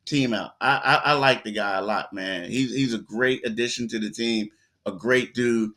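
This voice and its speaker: Bright-voiced man breaking down a game. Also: medium pitch, moderate pace. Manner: animated storyteller, acts out quotes, repeats words. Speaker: sports reporter guest. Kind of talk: casual sports talk.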